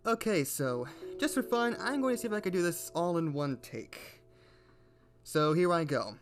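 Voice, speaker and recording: A man's voice: on the high side, lively intonation, moderate pace, over music. A man narrating a video in a casual, partly unscripted read of game text, playful and rambling, often stumbling and correcting himself.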